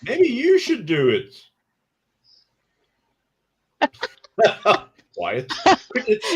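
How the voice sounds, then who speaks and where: A man's voice: extremely high pitch, wildly swooping pitch, extremely slow, darkish tone, breathy edge, highs cut off. A man in casual chat who laughs a lot and teases the others.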